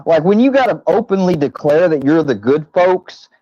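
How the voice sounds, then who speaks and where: A man's voice: fairly high pitch, expressive, normal speed, warm tone, no room sound, dull audio. A man ranting on a livestream, angry and stammering, swearing often. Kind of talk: heated livestream rant.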